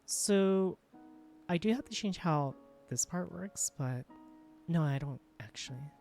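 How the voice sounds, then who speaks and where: A woman live-streaming while she works, chatting casually with her viewers. Her voice sits low for a woman and has a mellow, warm tone. She is excitable and keeps breaking into exclamations, with faint music playing underneath. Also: slow, vocal fry. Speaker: live streamer and world creator.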